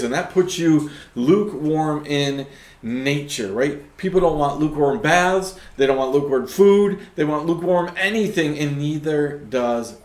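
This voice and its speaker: A man's voice: fairly high pitch, moderate pace. Preachy male podcast host, roomy echo. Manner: preachy, peppers talk with "right?". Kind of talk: faith discussion podcast.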